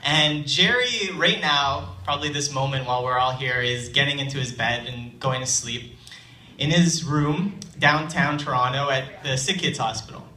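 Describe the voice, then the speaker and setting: A young man telling a personal story on stage at a storytelling night, conversational and self-deprecating, with halting restarts. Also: medium pitch, bright, forceful tone, slight background noise. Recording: roomy live hall, distant mic, faint ambience.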